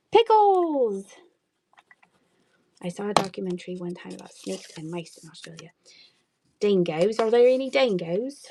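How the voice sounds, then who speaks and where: Casual live-seller, woman, gravelly fry, chatty and giggly, wanders off on tangents. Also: medium pitch, a little mellow, a little hiss or hum. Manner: chatty, giggly, rambling asides. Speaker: online thrift seller. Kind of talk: casual live-stream selling.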